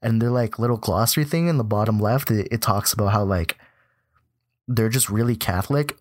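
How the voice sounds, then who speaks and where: A young man chatting casually on a podcast, rambling with lots of "like" fillers and breaking into a mock-excited high voice when joking. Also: fairly quick, dry recording, studio quality. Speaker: podcast co-host. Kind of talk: casual chat.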